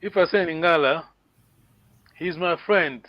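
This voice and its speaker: A man's voice: fairly high pitch, a little slow, no room sound, muffled recording. A man teaching an online language lesson, patient and repetitive, often checking that his students follow. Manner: patient, repeats words, asks "yeah?" to check understanding.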